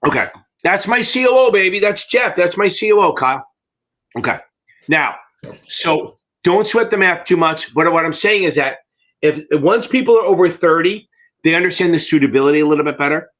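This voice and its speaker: A man's voice: high voice, expressive, moderate pace, a bit bright. A middle-aged American man teaching exam prep in a live Q&A, blunt and rambling, with frequent swearing.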